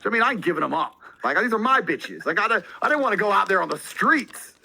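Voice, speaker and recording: A brash, boastful man telling a story as a podcast guest, swearing a lot and breaking into loud, excited bursts. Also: sits high, quick pace, vocal fry, poor audio. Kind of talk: casual storytelling.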